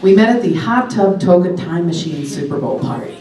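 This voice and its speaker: A woman's voice: a little fast, heavy background noise. Brash woman comic on a roomy club stage. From Long Island. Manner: brash, raunchy, animated storytelling with big pitch jumps. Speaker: stand-up comedian. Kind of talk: stand-up set. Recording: roomy club sound from a distance, loud audience. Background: audience laughter.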